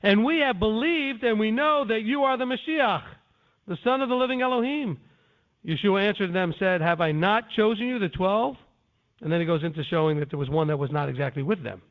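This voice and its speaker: His voice is high-pitched and brisk, with lively intonation, carried on a tinny phone line. This Bible teacher delivers scripture on a conference call, lecturing earnestly and defensively while frequently restarting sentences.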